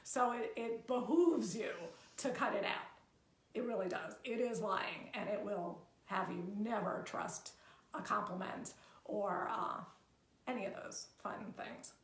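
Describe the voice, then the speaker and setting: A woman's voice: medium pitch, unhurried. A woman co-hosting a live talk, candid and laughing easily as she explains her view. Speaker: co-host, coach. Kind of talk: live-streamed casual talk. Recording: echoey room.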